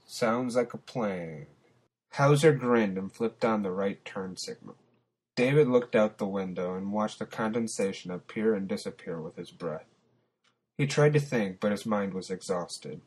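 A man's voice: lowish voice, moderate pace, a little mellow, husky. A man narrating his own story podcast, blunt and profane in his asides.

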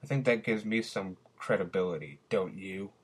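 A man's voice: low voice, slightly rough. A man putting on a brash, swearing smoker pal. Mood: calm, reasoning. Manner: brash and profane, with quick outbursts. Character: crude cocky male friend, chain-smoking and swearing.

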